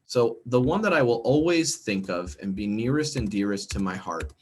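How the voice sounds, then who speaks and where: A man's voice: on the low side, animated, moderate pace, a little hiss or hum. A middle-aged American man leading a teacher training workshop over a video call, chatty and checking in with "okay?" and "right?". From United States. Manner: conversational, frequent check-ins with "okay?" and "right?". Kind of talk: professional development workshop presentation.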